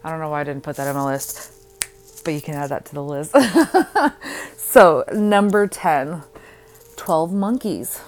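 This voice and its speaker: A woman's voice: sits low, expressive, unhurried, pauses often. A young woman hosting a casual solo podcast from home, rambling, giggling and joking at herself. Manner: rambling, giggly and self-deprecating. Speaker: podcast host.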